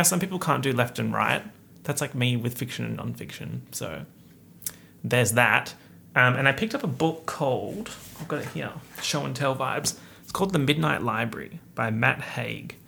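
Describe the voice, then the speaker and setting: In a casual update on his podcast, a young host from Perth, Australia chats campily, heavy on slang and poking fun at himself. His mid-range voice is creaky and sharp, paced at normal speed, with slight background noise.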